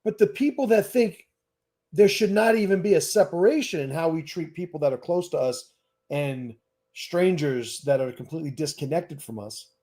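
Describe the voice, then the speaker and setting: A man's voice: fairly high pitch, dark tone. A middle-aged man hosting a livestream Q&A, talking bluntly and emphatically, often swearing and restarting his sentences. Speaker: host. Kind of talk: livestream Q&A monologue.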